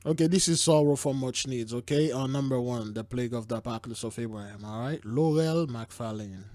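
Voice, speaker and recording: A man's voice: medium pitch, fairly quick, a little mellow, dry recording. A man talks through news clips in a loose, rambling way, tripping over words and sighing between thoughts. His voice sits mid-range and sounds close and dry, with no room around it. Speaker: host. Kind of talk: casual commentary on news clips.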